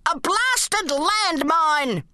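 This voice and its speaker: An audiobook reader voicing an excited old man who thinks he is back at war, shouting orders. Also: very high-pitched, unhurried, a little hiss or hum, pitched above the performer's own voice, heavily acted. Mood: battle cries. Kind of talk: audiobook character voice.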